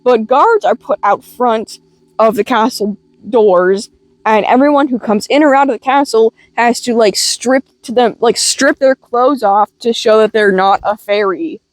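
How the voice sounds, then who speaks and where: With a fairly high pitch and a measured pace, a young woman reviewing webcomics talks through a comic's plot in a chatty style, filled with "like" and casual swearing. The recording is dry.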